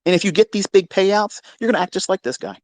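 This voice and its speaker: A man hosting a live audio chat, telling a long story in a profane, mocking, animated way. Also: high-pitched, quick pace, dry recording. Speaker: Twitter Space host. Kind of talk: casual storytelling rant. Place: lives in Maryland.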